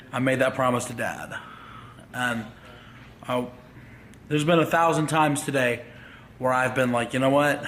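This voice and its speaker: A grieving man talking to his viewers in a halting, heartfelt farewell vlog. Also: mid-range voice, fairly bright tone, a little hiss or hum. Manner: halting, grief-stricken. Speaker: vlogger.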